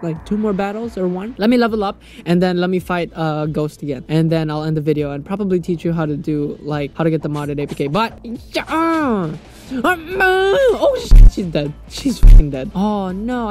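Excitable young man's let's play commentary. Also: high-pitched. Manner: loud excitable outbursts and crude joking. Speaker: gaming YouTuber.

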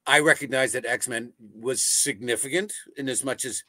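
A man, a voice actor telling stories in a casual interview, animated and swearing freely over a video call. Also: mid-range voice, normal speed, dry recording. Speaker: voice actor guest. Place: home setup on a video call.

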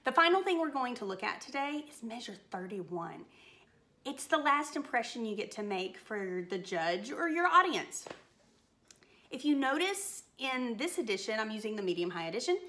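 A woman's voice: fairly high pitch, very animated, moderate pace, pushed and bright. A woman voice teacher giving a singing lesson, upbeat and encouraging as she coaches a phrase.

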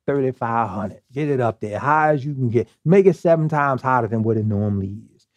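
A man's voice: mid-range voice, animated, brisk, noisy background, pitched below the performer's own voice, close to an everyday voice. A man voicing an enraged king barking dismissive orders. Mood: commanding. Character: enraged, commanding male king.

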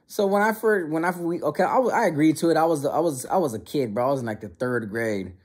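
A young man telling a funny childhood story in an animated, slangy way. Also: on the high side, quick pace, breathy edge. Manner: animated, slangy, many restarts. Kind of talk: casual storytelling.

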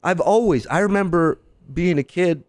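A man's voice: high voice, moderate pace, no echo, studio quality. A man from Israel, a podcast guest, telling stories in casual chat and acting out the voices of the people in them. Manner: animated storyteller, acts out quoted voices.

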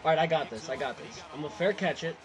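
A young man playing a video game against a friend, chatting excitably and groaning and laughing. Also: fairly high pitch, quick pace. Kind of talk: casual gaming commentary. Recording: game audio playing loudly behind. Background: video game sound and music.

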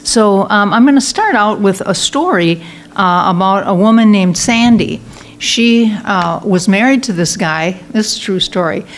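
A woman's voice: mid-range voice, unhurried, a little hiss or hum. A woman minister giving a conversational Sunday talk in a church, telling a story with fillers and restarts. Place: church sanctuary.

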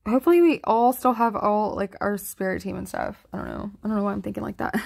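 A chatty woman vlogger who drifts loosely from one thought to the next, her voice sitting at an ordinary middle pitch. She laughs easily and speaks in a casual, unscripted way, as if to friends. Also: fast talker, gravelly, darkish tone. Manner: giggly, chatty, trails off often. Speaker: spiritual vlogger showing sky photos. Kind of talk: casual rambling commentary.

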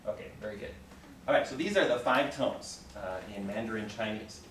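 This Mandarin teacher has a lowish, slightly bright voice with lively intonation and a brisk delivery. He patiently guides his class through repetition drills, offering frequent encouragement and "okay" checks in a call-and-response format. The far-off recording carries room echo plus a little hiss or hum.

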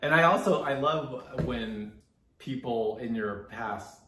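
A man co-hosting a relaxed conversation on a walk, asking easygoing questions and sharing his own stories. His voice sits in a middle pitch. The audio is echoey, with a light hum of outdoor noise behind him. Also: slow pace. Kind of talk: casual chat on a walk.

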